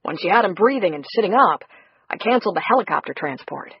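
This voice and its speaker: Reader doing an old general guy, brisk and in charge, breathy, dry sound. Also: high-pitched, lively intonation, no room sound, muffled recording, full character voice. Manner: brisk, giving instructions. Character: older retired general, calm and in charge.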